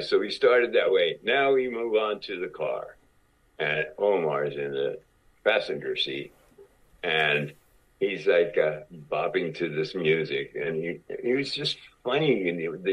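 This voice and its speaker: A man's voice: low-pitched, lively intonation, a little slow, husky, lo-fi sound. A man, a guest actor, telling stories in casual talk and acting out other people's lines as he goes. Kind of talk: casual anecdotal storytelling.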